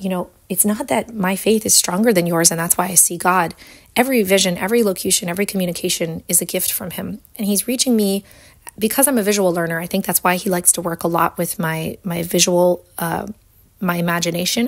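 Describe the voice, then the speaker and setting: A woman's voice: fairly low pitch, fairly quick. A woman hosting a faith talk, speaking earnestly and unhurriedly, with light laughs and long passages read aloud. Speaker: Catholic faith teacher and host. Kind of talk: casual teaching talk with read quotes.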